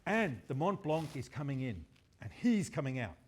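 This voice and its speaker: A male university lecturer telling a story in a lively, chatty way. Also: medium pitch, moderate pace, breathy edge.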